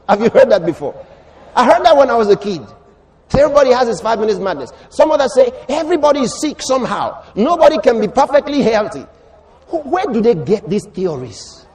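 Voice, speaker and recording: A man preaching a sermon, emphatic and repetitive, rising to shouts. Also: very high voice.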